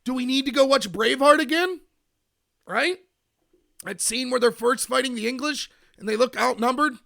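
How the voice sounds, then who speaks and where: Man, American, high voice, bright tone, ranting commentary, responds to chat. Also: normal speed, creaky. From United States. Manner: ranting, emphatic, talks to chat. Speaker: podcast host. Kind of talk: political commentary monologue.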